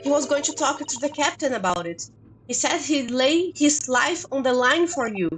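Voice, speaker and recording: A woman's voice: high voice, animated, moderate pace, fairly bright tone, poor audio. A woman reading the lines of a polite young female assistant in a video game, with courteous, formal phrasing. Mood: earnest.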